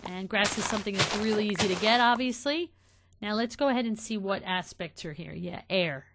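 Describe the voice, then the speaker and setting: A woman hosting a game let's play, chatting casually to her viewers and getting excited easily. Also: medium pitch, a little fast. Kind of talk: casual gameplay commentary.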